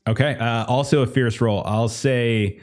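A man's voice: mid-range voice, steady tone, a little slow, soft background music. A man narrating as game master of a tabletop game, casual, with many fillers and restarts.

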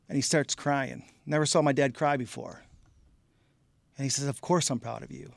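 A man's voice: medium pitch, a little fast, gravelly, no room sound, studio quality. Heartfelt man telling a story. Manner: heartfelt, animated storyteller, repeats words. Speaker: guest. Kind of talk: casual interview storytelling.

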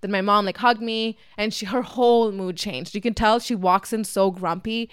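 A young woman vlogger telling a casual, fast, filler-heavy story with lots of swearing, acting out her family's voices as she goes. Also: medium pitch, fairly even intonation, clean tone, dry recording, studio quality. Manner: acts out family members' voices.

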